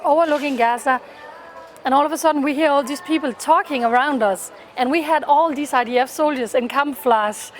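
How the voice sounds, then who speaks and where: A woman's voice: high-pitched, a little hiss or hum. A woman from Denmark gives an earnest, fervent personal testimony in an interview, often restarting and repeating words. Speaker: interviewee, pro-Israel activist.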